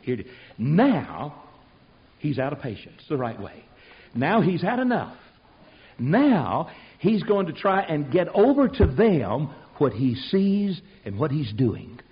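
A man preaching an animated sermon, telling the story in a folksy way and swinging from loud to hushed. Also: on the high side, slow pace. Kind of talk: animated sermon with acted-out voices. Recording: dull lo-fi sermon recording.

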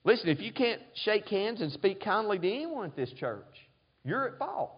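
A man's voice: high voice, big pitch swings, moderate pace, muffled recording. A man preaching a sermon as pastor, often asking the congregation "amen?". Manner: preaching, frequent call-and-response "amen?".

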